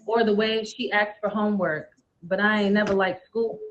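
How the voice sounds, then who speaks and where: A woman recites spoken word poetry with a steady, rhythmic rhyming flow. Her voice sits at an ordinary pitch. The livestream audio comes through dull and lo-fi. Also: normal speed. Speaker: poet performing on a livestream.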